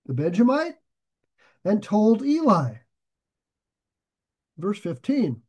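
A man with a high voice leads a verse-by-verse Bible study. He reads scripture aloud and then drifts into friendly, animated asides, getting lit up and loud when excited. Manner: animated, gets excited and raises his voice. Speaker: Bible teacher.

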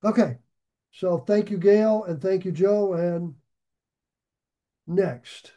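A man's voice: high-pitched, takes it slowly, warm tone, muffled recording. Rambling Midwestern man telling a story. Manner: rambling, chuckling anecdote teller. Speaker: Bible study leader. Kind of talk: casual storytelling.

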